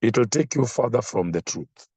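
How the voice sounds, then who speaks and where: A man preaching a sermon, slow and emphatic, repeating phrases for effect. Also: mid-range voice, animated, dark tone, slightly rough, no echo.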